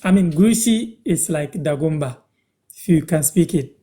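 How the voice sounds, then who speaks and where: A Ghanaian man with a fairly high yet dark, mellow voice runs a relaxed live-stream language lesson. He repeats each word and phrase slowly so learners can catch it.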